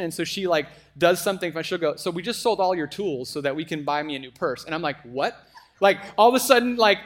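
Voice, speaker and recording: A middle-aged man preaching a sermon, conversational and animated, with frequent asides to the congregation. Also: high-pitched. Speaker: pastor.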